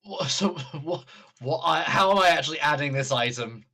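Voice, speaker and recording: A man's voice: fairly high pitch, moderate pace, pushed and bright. A man playing in a tabletop game, chatting casually, laughing easily and answering with short agreements. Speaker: player.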